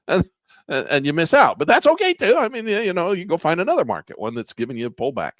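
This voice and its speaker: A man teaching a live online trading class in a casual, folksy way, losing his voice and clearing his throat often, with quick asides that act out what traders think. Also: fairly high pitch, big pitch swings, dry recording, studio quality. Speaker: trading instructor. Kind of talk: live online class, walking through charts.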